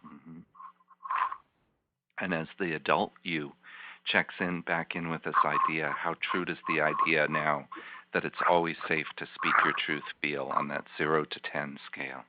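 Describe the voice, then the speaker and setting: A man, a healing practitioner, leading a volunteer through slow guided imagery with soft, repetitive, soothing coaching. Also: rumbling low, level tone, very noisy. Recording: dull lo-fi teleconference line.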